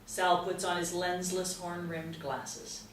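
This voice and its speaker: A woman reading a screenplay's stage directions aloud in a crisp, matter-of-fact way. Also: on the low side, steady tone, slow. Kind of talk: screenplay table read narration. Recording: roomy, distant mic, faint hiss.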